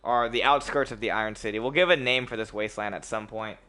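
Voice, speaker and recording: Young guy gm for a tabletop game, bright voice, rambly and loose, keeps clearing his throat, faint music behind. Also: fairly low pitch, quick pace. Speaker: game master.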